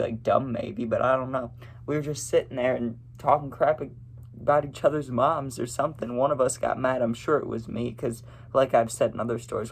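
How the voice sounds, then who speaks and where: A young man tells a personal story in a loose, rambling way, leaning on "you know" and "right" between thoughts. His voice has a gravelly edge and sits at an ordinary pitch. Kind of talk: casual storytelling.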